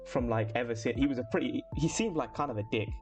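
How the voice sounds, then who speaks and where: A man's voice: mid-range voice, fast talker. A man co-hosting a casual chat breaking down an anime episode, rambling with fillers and swearing. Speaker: podcast co-host. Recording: lo-fi with music behind.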